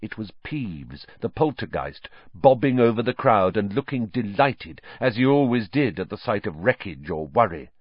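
A man narrating a storybook in an expressive, lively reading, on a dull lo-fi audiobook recording. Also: fairly low pitch, moderate pace, few pauses, slightly rough, no echo.

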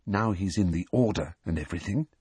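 A man's voice: deep voice, fairly quick, a little mellow, slightly rough, no room sound. A man voicing a clever, bossy teenage girl in a raised, lighter voice. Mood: earnest.

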